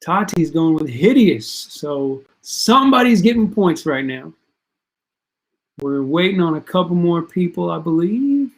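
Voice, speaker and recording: Speaking slowly and expressively at a medium pitch, this adult parent runs a relaxed online quiz stream for students. They chat along the way and announce each player's answers and scores.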